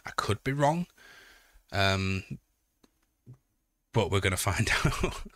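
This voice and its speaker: A man's voice: fairly low pitch, lively intonation, slow, fairly bright tone, slight background noise. A man with a Yorkshire accent, chatting casually on a live stream, joking and swearing as he reads out chat messages. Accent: Yorkshire (Hull). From Yorkshire, England.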